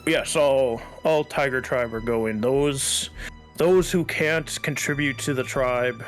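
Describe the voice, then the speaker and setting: A man playing a gruff, blunt female orc tribal chief in a tabletop game. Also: mid-range voice, slow pace, faint music behind, natural voice. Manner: blunt, plain-spoken, down-to-earth. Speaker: game master.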